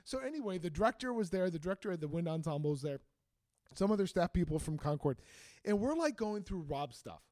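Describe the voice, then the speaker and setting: A man's voice: brisk, no room sound. A man, a band director and teacher, telling a story in casual chat, acting out quotes with big jumps in his voice. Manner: animated, acts out quotes with big pitch jumps.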